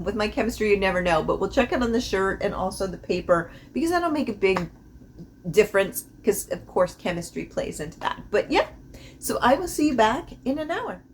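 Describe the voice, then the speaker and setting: Chatty woman fragrance vlogger, mid pitch, rambling and quick to laugh, faint room noise. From not from the American South. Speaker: fragrance reviewer. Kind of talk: casual review vlog.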